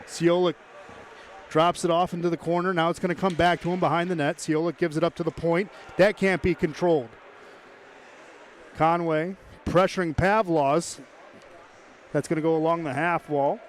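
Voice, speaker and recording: A man calling live hockey play-by-play, brisk and chatty, tossing in joking asides. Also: on the high side, fairly even intonation, slight background noise. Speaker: play-by-play commentator.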